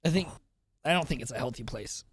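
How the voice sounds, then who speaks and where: A man's voice: mid-range voice, expressive, brisk, slight background noise. A young man hosting a podcast, talking casually in a rambling, profane way and laughing often. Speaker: podcast host and streamer.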